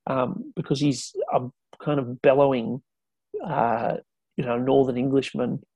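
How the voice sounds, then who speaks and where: A man co-hosting a podcast, rambling through an old match recap with excited asides. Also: medium pitch, a little slow, husky, no echo, muffled recording. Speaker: podcast co-host.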